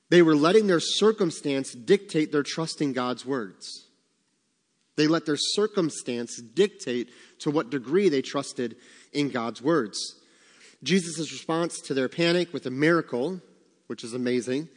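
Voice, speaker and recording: A man leading a Bible study, teaching in a conversational way and asking the group questions. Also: a little high. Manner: conversational, asks the room questions. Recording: long hall reverb.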